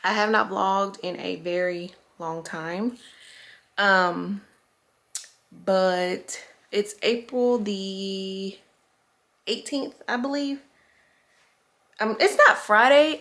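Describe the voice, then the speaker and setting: A young woman talks straight to her viewers in an easygoing home vlog. She drawls along slowly, wanders off track and corrects herself, a little short of breath. Her voice sits at an ordinary middle pitch. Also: fairly bright tone. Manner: rambling, chatty, self-correcting. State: slightly out of breath. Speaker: vlogger. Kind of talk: casual chat.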